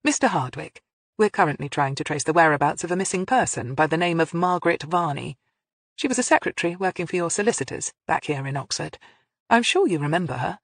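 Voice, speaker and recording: A narrator voicing a shrewd woman police inspector who asks crisp, probing questions. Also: sits low, animated, fast, dry recording.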